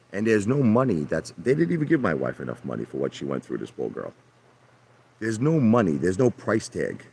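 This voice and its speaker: A man's voice: low-pitched, darkish tone, husky. A man hosting a livestream from his hot tub, rambling brashly to viewers, repeating himself and calling them out by name. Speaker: livestream host. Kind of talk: rambling live chat with viewers.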